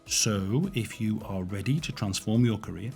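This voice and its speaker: A man hosting a business podcast, asking questions in a chatty, animated way and reading sponsor breaks. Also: on the low side, moderate pace, vocal fry, soft background music. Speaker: podcast host.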